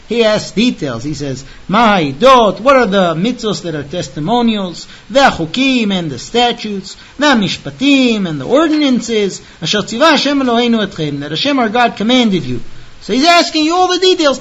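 A man teaching a religious text line by line. He chants the Hebrew quickly, then explains it plainly and emphatically, speaking straight to the listener. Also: very high-pitched, a bit bright, dull audio. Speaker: Torah teacher.

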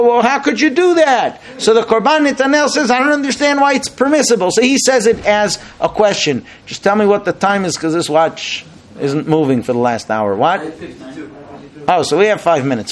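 A middle-aged man teaching an informal Torah lesson as a rabbi, animated and acting out the rabbis he quotes with rising emphasis. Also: high voice.

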